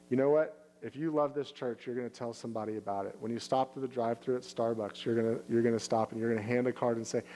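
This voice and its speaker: Halting, plain-voiced male pastor. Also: medium pitch, darkish tone, rough recording. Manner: halting, many restarts and fillers; acts out inviting lines in a lifted, upbeat voice. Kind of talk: casual Q&A answer.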